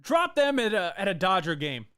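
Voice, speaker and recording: High, lively man, incredulous and sarcastic. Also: normal speed, clear, resonant tone. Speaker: podcast co-host. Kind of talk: casual sports chat.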